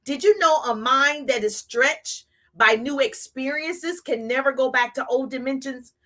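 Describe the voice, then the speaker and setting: A woman giving an energetic, repetitive live-stream coaching talk on social media business, chatting with her viewers. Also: high voice, measured pace. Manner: energetic, repetitive, playful hype.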